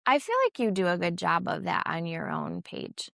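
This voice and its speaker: Woman co-host, gravelly voice, hesitant and reflective, dry sound. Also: on the low side, lively intonation, normal speed, a bit bright, no room sound. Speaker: podcast co-host. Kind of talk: casual chat.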